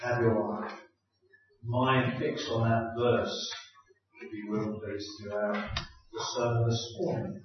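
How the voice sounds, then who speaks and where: Pastor guy preaching real slow, far off from the mic in a big echoey church, kinda muffled. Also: medium pitch, little pitch movement, crowd noise. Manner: measured, deliberate preaching with frequent restarts. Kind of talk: sermon. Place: church hall. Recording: echoey hall from far off, dull sound.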